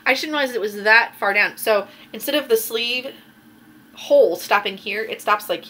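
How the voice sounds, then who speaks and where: A woman's voice: fairly high pitch, normal speed, pushed and bright, a little hiss or hum. A woman hosting a knitting podcast, chatting casually and rambling a little with plenty of ums as she shows her finished projects. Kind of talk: casual show-and-tell chat.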